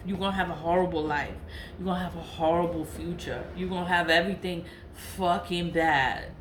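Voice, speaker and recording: A woman talking straight to camera, venting hard and circling back over the same words with plenty of swearing. Her voice sits on the low side. The room echoes around her, and a faint ambience hums underneath. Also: pushed and bright, a little hiss or hum. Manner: venting, profane, repeats herself. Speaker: vlogger. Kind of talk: angry monologue to camera.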